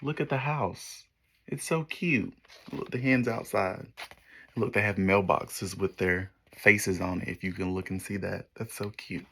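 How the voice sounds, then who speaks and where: A man's voice: lowish voice, a little slow, gravelly, pushed and bright, breathy edge. A man teaching young children, reading a picture book aloud to them in an encouraging way, praising them often and pointing out the pictures.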